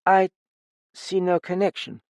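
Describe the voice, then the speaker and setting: A man reading an audiobook, voicing a cold, sharp-tongued French woman who snaps and snarls in a raised voice. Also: fairly low pitch, monotone, unhurried, no echo, clean studio sound, pitched above the performer's own voice, close to an everyday voice. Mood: wary. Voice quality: frigid, snarling.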